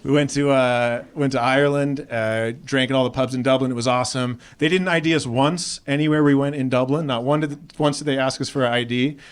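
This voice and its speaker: A young man from Australia with an American accent performing a stand-up comedy set on a club stage, animated and jumping into high voices for quotes. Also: brisk, few pauses, clear, resonant tone. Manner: animated, jumps up in pitch for acted-out quotes. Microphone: handheld stage mic. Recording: live club set with crowd laughter. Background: audience laughter.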